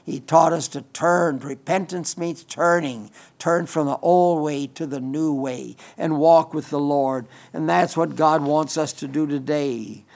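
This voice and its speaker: A man's voice: on the high side, a little slow, gravelly, few pauses, a little mellow. A man preaching a sermon in an earnest way, often repeating phrases for emphasis.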